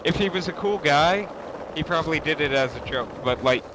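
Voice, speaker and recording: A man's voice: on the high side, animated, a little fast. A man co-hosting a gaming stream, cracking dry jokes in casual chat. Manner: dry, joking asides. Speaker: co-host streamer. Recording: crackly audio with background noise.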